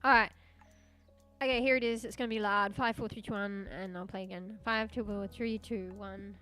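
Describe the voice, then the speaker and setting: A woman's voice: medium pitch, fairly even intonation, moderate pace, pushed and bright, soft background music. Rambling, swearing Australian woman streamer. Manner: rambling, swears casually, chuckles. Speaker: VTuber streamer. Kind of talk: casual live-stream chat.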